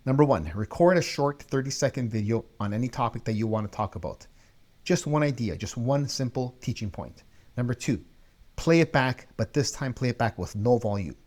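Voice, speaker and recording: A man's voice: medium pitch, expressive, moderate pace, a little mellow. A man hosting a video coaching show, talking energetically and stressing key words as he teaches. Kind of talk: energetic instructional talk.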